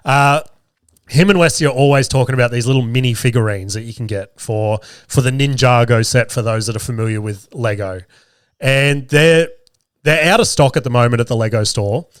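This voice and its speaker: A man's voice: medium pitch, moderate pace, clear, resonant tone, no room sound, clean studio sound. Swearing Australian podcast host in his thirties. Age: 30s. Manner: swears constantly, animated and laughing while telling stories. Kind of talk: casual storytelling. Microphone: camera with podcast mic.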